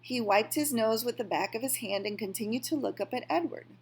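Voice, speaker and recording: A woman calmly reading a children's novel aloud, in a measured storytelling manner. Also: on the high side. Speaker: reader.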